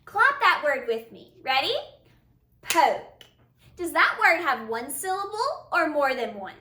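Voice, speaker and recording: A woman teacher giving a slow, upbeat phonics lesson to young children, praising them often. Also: sits high, big pitch swings, sharp tone, roomy sound, slight background noise. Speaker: first-grade teacher.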